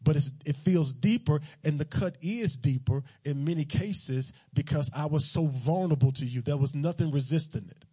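A man's voice: a little high, moderate pace, hardly any pauses, mellow, breathy edge. A man preaching a sermon in a loose, conversational, joking way, full of everyday slang.

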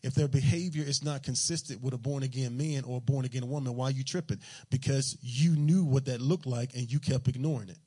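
Husky, mellow-voiced man preaching. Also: mid-range voice, fairly quick, few pauses. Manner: conversational, joking, colloquial preaching. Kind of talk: sermon.

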